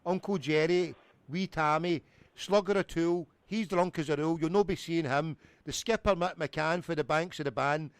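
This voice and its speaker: A man making a prank phone call, rambling in a mock-pompous, deadpan way. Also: a little high, moderate pace, clean tone, dry recording. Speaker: prank caller.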